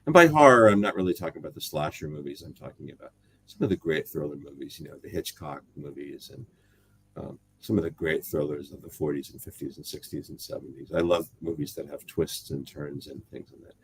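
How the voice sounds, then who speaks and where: With a bass voice marked by vocal fry, a middle-aged American guest meanders through a casual interview, thinking aloud and often backtracking to correct himself. Slight background noise can be heard.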